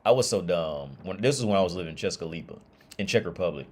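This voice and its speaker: A man's voice: low-pitched, lively intonation, fast talker. An American man in a casual, rambling livestream monologue, swearing freely, laughing often and restarting his sentences. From United States.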